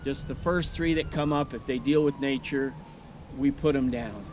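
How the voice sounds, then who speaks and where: A male nature educator giving an unhurried outdoor teaching demonstration, thinking aloud with many fillers. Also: medium pitch, a little mellow, a little hiss or hum. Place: outdoors at a wildlife refuge.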